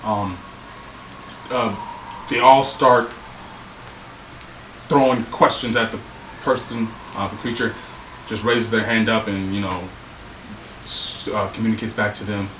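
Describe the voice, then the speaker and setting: A man's voice: lowish voice, fairly even intonation, measured pace, long pauses, a bit bright. A man narrating a tabletop game as game master, in a loose, rambling way full of fillers. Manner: rambling, full of ums and likes. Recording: roomy, distant mic, background noise.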